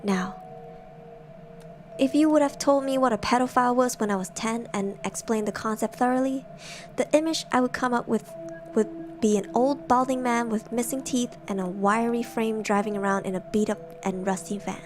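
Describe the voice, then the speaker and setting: Soft-voiced young woman telling horror stories. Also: on the high side, moderate pace, slight background noise. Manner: soft, hushed storytelling with giggly asides. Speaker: streamer reading horror stories. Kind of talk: semi-ASMR horror story narration.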